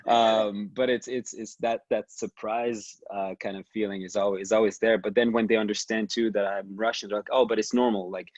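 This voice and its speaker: A man from Canada, a figure skater, telling stories in an animated, casual way over a video call, with frequent restarts. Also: on the low side, fairly quick, few pauses, no echo, dull audio. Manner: animated storytelling with many restarts and laughs. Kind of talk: casual conversation.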